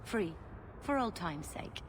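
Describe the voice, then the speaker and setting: A woman's voice: lowish voice, expressive, slow. Coy, refined noblewoman. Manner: smooth, coyly polite. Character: poised married noblewoman potion dealer. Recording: noisy game audio.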